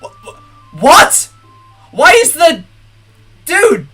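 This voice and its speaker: A man's voice: very high voice, animated, normal speed, bright, forceful tone, faint music behind. A young man streaming a game live, reading its text aloud and breaking into nervous, panicky outbursts.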